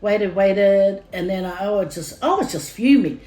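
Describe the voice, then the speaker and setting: Warm and mid-range, with lively intonation and a slightly slow pace, this family vlogger speaks with a Samoan accent. The middle-aged woman tells her viewers a family story casually and meanderingly, full of fillers and repetitions, growing heated in the retelling, while faint music plays in a roomy, echoing space.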